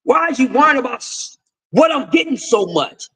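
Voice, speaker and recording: A man with a very high, sharply bright voice rants through boxing commentary. He is profane and confrontational, lecturing his listeners and hammering the same points again and again. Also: big pitch swings, normal speed, vocal fry, husky, rough recording. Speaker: host of a boxing talk stream. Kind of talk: ranting commentary.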